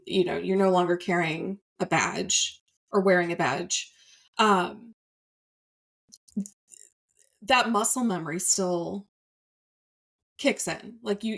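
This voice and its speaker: A woman's voice: medium pitch, gravelly. A woman therapist, a guest on a podcast, explaining in casual conversation with plenty of fillers. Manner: explaining plainly with many "like" and "um" fillers.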